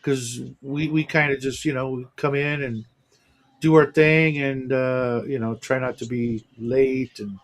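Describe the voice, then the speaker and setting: A man's voice: mid-range voice, steady tone, measured pace. A man hosting a casual morning livestream chat, rambling and self-deprecating with lots of fillers. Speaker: livestream host.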